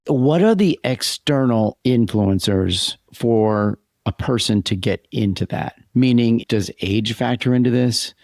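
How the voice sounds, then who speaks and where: A man co-hosting a podcast with his wife, agreeable and a bit halting, with lots of yeahs and restarts. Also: medium pitch, darkish tone, no echo, studio quality. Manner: agreeable, halting, backchannels a lot. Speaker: podcast co-host. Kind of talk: conversational podcast chat.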